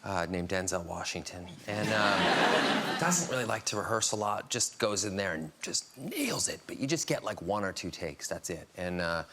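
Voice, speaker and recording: A man's voice: low-pitched, expressive, normal speed, noisy background. A man on a talk show telling a funny story, laughing often as he goes. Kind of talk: animated anecdote telling. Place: TV studio.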